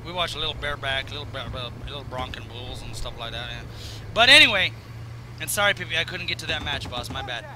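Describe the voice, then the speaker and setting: A man with a raw, strained voice giving rambling, excitable commentary over a video game he is playing. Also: medium pitch, fast talker, rough recording. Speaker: gaming commentator. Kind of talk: casual gameplay commentary.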